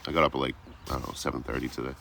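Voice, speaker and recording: A man's voice: rumbling low, little pitch movement, rapid-fire, creaky, pushed and bright, slight background noise. A man chatting loosely with viewers on a livestream, rambling and swearing freely. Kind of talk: casual live chat.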